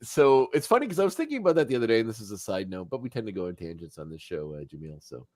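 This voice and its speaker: A man's voice: lowish voice, racing, dry recording, clean studio sound. Chatty man recapping a cartoon episode. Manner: animated storyteller who acts out quotes and chuckles. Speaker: podcast host. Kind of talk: casual podcast chat recapping a cartoon.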